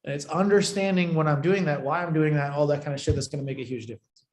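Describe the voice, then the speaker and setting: Male coach, fairly high-pitched and blunt, heavy swearing, echoey room, punches words then drops to a hush. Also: quick pace. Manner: blunt, profane, emphatic, swings loud and soft. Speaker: marketing coach. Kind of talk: live online training.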